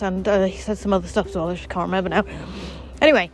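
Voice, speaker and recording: A woman's voice: mid-range voice, steady tone, quick pace, rough recording. A woman hosting a daily walking podcast, chatting in a wry, self-deprecating way outdoors on a footpath. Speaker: podcast host. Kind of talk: casual chatty monologue while walking.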